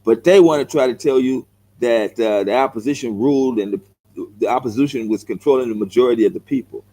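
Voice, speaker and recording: In a rough recording, a mellow, medium-pitched voice moves at a quick pace. It belongs to a middle-aged LA-accented vlogger from South Central Los Angeles giving a heated, blunt answer to viewer comments straight into the camera, confrontational, repetitive, and calling viewers "bro."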